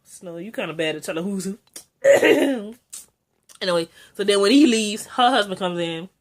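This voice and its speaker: A young woman reviews a TV episode in a loose, casual vlog, chatty and excitable with lots of "like," fillers and asides. Her voice sits at an ordinary middle pitch for a woman, jumps high when she gets excited, and moves at a moderate pace.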